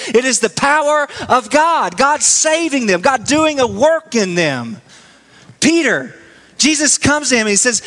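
A man preaching a sermon, reading scripture aloud slowly and pressing his points with emphatic repetition. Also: very high-pitched, sharp tone. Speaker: pastor.

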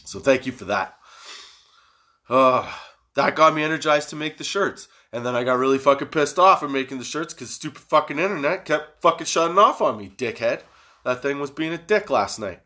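A man hosting his own podcast, rambling in a casual, profane, self-mocking way after staying up all night high. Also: animated, normal speed, pushed and bright. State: sleepless and high. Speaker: podcast host.

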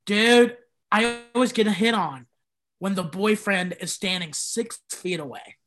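A man's voice: high-pitched, unhurried, a bit bright. Man, stand-up comedian, casual podcast chat, laid-back, slangy storytelling.

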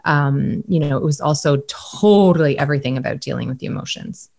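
A woman who is a naturopathic doctor, a podcast guest telling a personal story in a lively, chatty way with frequent laughter. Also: low voice, brisk, gravelly. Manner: animated storyteller, laughs often. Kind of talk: casual podcast chat.

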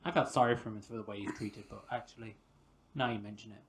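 A man's voice: fairly low pitch, fairly even intonation, fast talker, noisy background. A man co-hosting a casual book-discussion podcast, joking and swearing freely. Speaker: podcast co-host.

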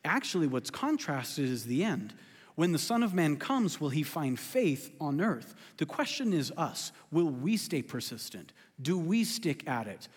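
A male pastor with a drawl delivers a lively, joking sermon, often at his own expense. His voice sits high for a man, and a long hall reverb trails every phrase through the sanctuary. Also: unhurried, breathy edge. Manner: animated, joking, self-deprecating. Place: church sanctuary.

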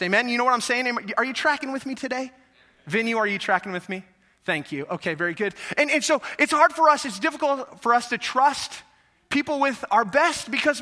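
A high-voiced man preaching with an energetic, chatty delivery, often turning to the congregation with rhetorical questions. His tone is crisp and sharply bright, and a long reverb trails each phrase through the big sanctuary. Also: a little fast. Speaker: pastor. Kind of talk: sermon. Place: large church sanctuary.

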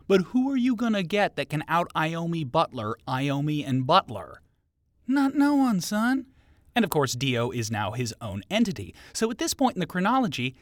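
Male podcast host, scripted narration, dry close sound, wry jokey delivery, animated pitch. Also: no room sound. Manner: wry, joke-filled storytelling.

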